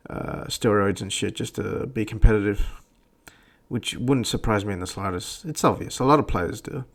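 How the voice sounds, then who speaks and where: A man's voice: fairly low pitch, normal speed, gravelly. A man hosting a podcast, ranting bluntly and profanely in a rambling way. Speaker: podcast host. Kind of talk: profane opinion rant.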